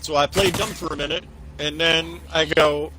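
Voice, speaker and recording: A man casually telling a story with lots of swearing, acting out what each person said in an animated way. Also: on the high side, moderate pace, background noise. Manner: profane, animated, acts out quotes. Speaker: podcast co-host.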